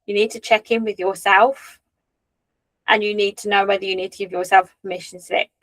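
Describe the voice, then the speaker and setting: A woman's voice: medium pitch, steady tone, a little fast, a bit bright, no echo, rough recording. Supportive woman co-host, dry sound. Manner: supportive, frequent short agreements. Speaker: podcast co-host. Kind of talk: casual chat.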